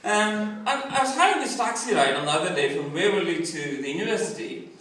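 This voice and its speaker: A middle-aged man from India doing a stand-up comedy set with self-mocking, deadpan punchlines. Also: sits high, fairly quick. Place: large echoey performance hall. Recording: echoey hall, distant, noisy.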